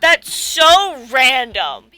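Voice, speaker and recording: A woman's voice: high-pitched, sing-song, extremely slow, pushed and bright, faint music behind, rough recording. A young woman in casual chat, rambling through a story with lots of "like", swearing freely and acting out what others said. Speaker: co-host.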